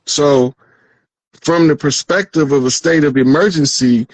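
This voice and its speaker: A man's voice: on the high side, unhurried, dry recording, low-quality recording. A male guest talking in a proud, slangy, preacher-like way in casual conversation.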